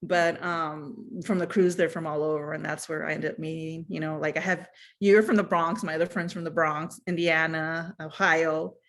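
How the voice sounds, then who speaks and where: A woman telling a personal story in casual chat, animated, acting out what others said, with many fillers. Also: low-pitched, moderate pace. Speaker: guest.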